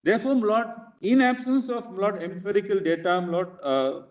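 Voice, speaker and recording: Indian advocate echoing in a courtroom. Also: male voice, high-pitched, normal speed. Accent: Indian English. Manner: peppers nearly every phrase with "Lord", earnest and insistent. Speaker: advocate arguing before a court bench. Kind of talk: formal courtroom argument. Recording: echoey courtroom, speaker far from mic.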